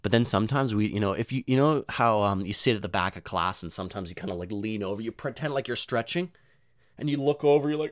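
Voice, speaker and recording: A man's voice: fairly low pitch, expressive, brisk, dry recording, clean studio sound. A young man rambling through a profane, slangy story in casual monologue, often jumping into voices for the people in it.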